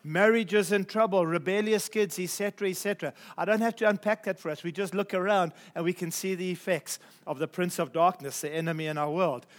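A man with a notably high-pitched voice preaching a morning sermon. He talks emphatically, repeats key phrases and slows right down to stress the scripture he quotes.

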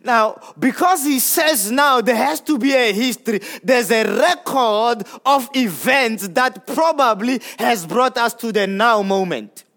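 A man preaching a sermon in a conversational way, repeating words as he goes, swinging between emphatic highs and hushed, low lines. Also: animated, unhurried, hardly any pauses. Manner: repeats words while gathering thoughts.

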